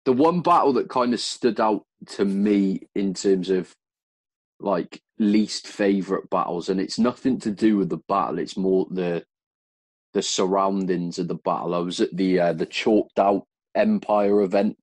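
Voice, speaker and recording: Deep-voiced easygoing male podcast host. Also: measured pace, no room sound. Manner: easygoing, hesitant, filler-heavy. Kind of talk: casual interview chat.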